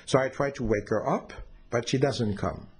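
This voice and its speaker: A man's voice: medium pitch, normal speed. A man telling a personal story in an unscripted, hesitant way, with restarts and fillers.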